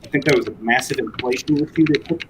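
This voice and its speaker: A man's voice: mid-range voice, quick pace, noisy background. A man talking in a casual chat as a guest, hesitant, with frequent restarts. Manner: hesitant, many restarts and ums.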